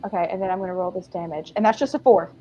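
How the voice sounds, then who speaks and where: A woman's voice: fairly low pitch, very fast, mellow, echoey room, lo-fi sound, a little hiss or hum. A woman playing in a tabletop game, talking hesitantly with lots of fillers and apologies. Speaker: player. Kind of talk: tabletop role-play chat.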